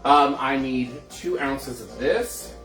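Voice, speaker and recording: A man's voice: mid-range voice, takes it slowly, over music. A man hosting a casual home cocktail show, chatting straight to his viewers. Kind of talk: casual live cocktail demo. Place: indoors at home. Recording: roomy echoey room.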